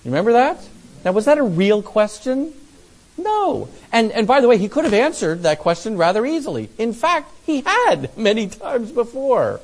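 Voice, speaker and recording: A man's voice: sits high, moderate pace. A man preaching a conversational sermon on evangelism, acting out both sides of imagined conversations with fillers and restarts. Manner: animated, acts out both sides of dialogues.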